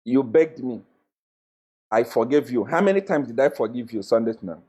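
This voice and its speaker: A young Zambian man delivers a confrontational livestream monologue as a self-proclaimed prophet, mocking and accusing, repeating phrases and laughing scornfully. His mid-range voice is animated, at a moderate pace, with a darkish, breathy tone.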